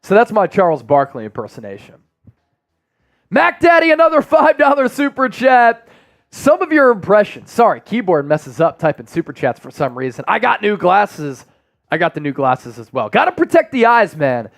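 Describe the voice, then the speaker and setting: Energetic high-voiced male stream host. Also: moderate pace, no echo, studio quality. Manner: energetic, reads viewer super chats aloud. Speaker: sports show host. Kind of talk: live-stream sports chat and ad read.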